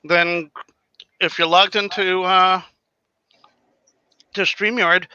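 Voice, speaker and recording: Bright high man, New York accent. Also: flat delivery, takes it slowly, clear, resonant tone, no echo, dull audio. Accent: New York (Bronx). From Yonkers, New York. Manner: joking, teasing. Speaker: stream guest. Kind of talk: casual livestream chat.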